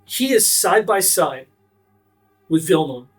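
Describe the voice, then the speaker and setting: A man with a somewhat high voice runs a tabletop fantasy game as game master. He describes each scene in vivid, immersive detail, with faint music underneath. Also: big pitch swings, slow pace, husky.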